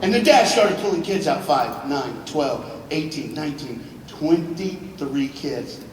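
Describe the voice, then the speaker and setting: A man with a higher voice tells a dramatic story to students, dropping to a hush and then rising to a shout, with joking asides. He speaks in a large auditorium with long reverb. The mic sits well away from him, with a little background noise. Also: lively intonation, a little slow. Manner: swings from hushed to shouting, with joking asides to the crowd. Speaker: motivational speaker. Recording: echoey hall, far mic, faint noise.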